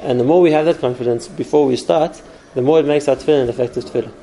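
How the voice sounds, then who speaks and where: A man's voice: medium pitch, racing, dark tone, a little hiss or hum, poor audio. A man giving an earnest spoken Torah class, explaining step by step with numbered points. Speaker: Torah teacher.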